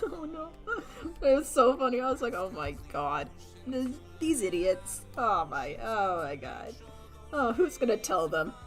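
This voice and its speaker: With faint music behind her and rough audio, a young woman unhurriedly chats while drawing on a livestream. Her medium-pitched voice carries giggly, lively storytelling packed with laughter and mock voices.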